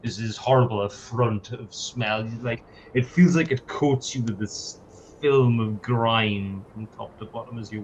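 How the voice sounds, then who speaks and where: A man's voice: fairly low pitch, slight background noise. A man narrating a tabletop game as game master, casual and peppered with swearing and fillers, on a dull lo-fi mic.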